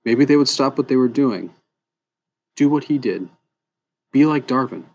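A man narrating a fantasy story in a measured, unhurried way. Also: medium pitch, expressive. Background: soft guitar music.

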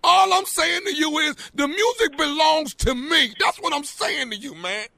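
A man playing an angry caller who claims his beat was stolen, shouting and stammering in a put-on high voice. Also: animated, normal speed, vocal fry, dry recording, heavily acted. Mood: indignant. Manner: shouting, stammering, hot-headed. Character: furious man accusing a rapper of stealing his beat. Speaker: prank caller.

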